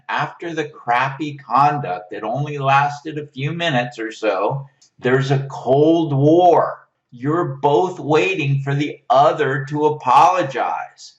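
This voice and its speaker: A man giving a relationship lesson, teaching in a coaching manner and checking in with his listeners as he goes. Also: mid-range voice. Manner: unhurried, coaching, checks in with "right?". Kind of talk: motivational teaching talk. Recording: roomy, distant, dull lo-fi sound.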